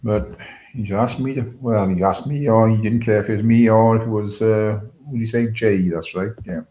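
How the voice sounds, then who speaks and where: A man's voice: fairly low pitch, steady tone, normal speed, dark tone. A British man hosting a casual live stream, greeting viewers by name and rambling with many fillers. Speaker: livestream host. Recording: roomy echo.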